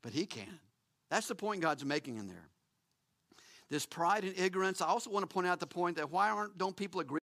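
A man's voice: sits high, expressive, a little fast, a bit bright. A man preaching a sermon, emphatic and repetitive, acting out quoted lines.

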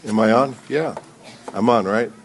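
A man's voice: on the low side, measured pace, slight background noise. A man speaking as guest preacher in a church, telling loose, self-deprecating stories and laughing often. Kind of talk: casual sermon opening with stories. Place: church sanctuary before a congregation.

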